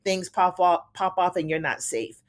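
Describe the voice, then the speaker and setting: A woman's voice: fairly low pitch, normal speed, natural voice. Woman doing a middle-aged male commander, smug, coaxing, self-assured, casual paraphrase.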